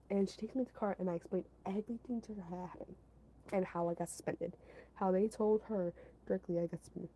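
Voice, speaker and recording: Brief: young female creator, mid-pitched and warm, chatty storytime with restarts. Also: fast talker, low-quality recording. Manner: animated, emphatic, with frequent restarts and acted quotes. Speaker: content creator. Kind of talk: casual storytime monologue.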